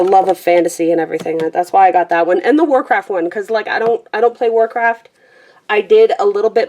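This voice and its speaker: A woman's voice: mid-range voice, mellow. A young woman chatting casually through her collection, slightly out of breath, often correcting herself and laughing. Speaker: vlogger. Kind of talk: casual rambling chat.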